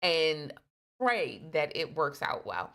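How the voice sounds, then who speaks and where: A woman's voice: low voice, big pitch swings, slow pace, creaky, fairly bright tone. A young adult woman co-hosting a casual relationship podcast, telling candid stories in an earnest way. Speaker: podcast co-host. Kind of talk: casual chat.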